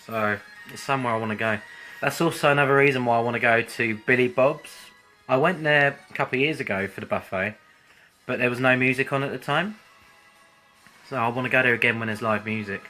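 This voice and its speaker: A man's voice: mid-range voice, brisk, pushed and bright, soft background music. A man rambling chattily on a live stream, with frequent ums and restarts. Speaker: vlogger hosting a live stream.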